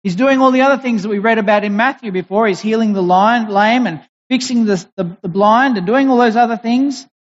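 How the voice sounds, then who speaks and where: A preacher giving a sermon in a deliberate, emphatic way, pausing and restarting as they explain. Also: mid-range voice. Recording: dull recording in a reverberant hall.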